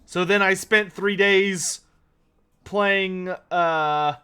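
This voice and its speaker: A man's voice: high voice, steady tone, extremely slow, bright, forceful tone, clear, resonant tone. A man streaming a strategy game, chatting casually, thinking aloud and answering viewer questions. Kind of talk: casual gameplay livestream commentary.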